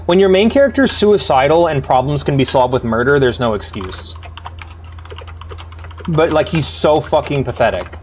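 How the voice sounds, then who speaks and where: Fairly high-pitched and a little mellow, the man speaks at normal speed with lively intonation, over a faint hiss or hum. He's streaming a game live, cursing heavily in an exasperated rant to his viewers and repeatedly stammering through restarts.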